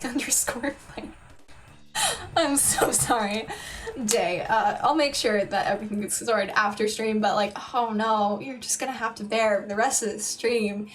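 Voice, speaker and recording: A woman's voice: mid-range voice, moderate pace, few pauses. A young woman streaming a game, chatting casually with her viewers in a playful, teasing way and giggling often. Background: faint game music.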